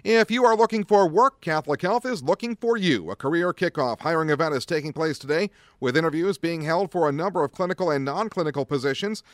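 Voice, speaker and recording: A man reading a radio news bulletin in a crisp, measured way. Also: on the high side, dry recording, studio quality. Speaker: newsreader.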